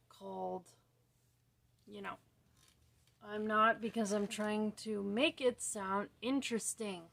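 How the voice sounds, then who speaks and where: A young woman talking casually to camera, slow and soft-spoken, her sentences often trailing off quietly. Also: mid-range voice, creaky. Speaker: vlogger. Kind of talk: casual talk to camera about her own condition.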